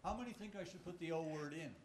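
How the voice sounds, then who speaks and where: A man's voice: fairly high pitch, fast talker, crowd noise. A man, a professor from Canada, speaking casually at a panel and polling the audience with jokes. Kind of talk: panel discussion remarks.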